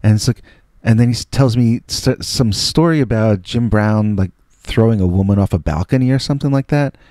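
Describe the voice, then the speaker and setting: A man's voice: on the low side, brisk, darkish tone, dry recording, clean studio sound. A middle-aged man telling a story from his youth in a casual, rambling way. He often mocks himself and restarts his sentences. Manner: rambling, self-mocking, many restarts. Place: indoors.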